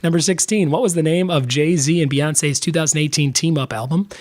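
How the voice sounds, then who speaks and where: A man's voice: fairly high pitch, fairly quick. A young man hosting a solo trivia podcast in a casual, chatty way, cracking joking asides between the answers.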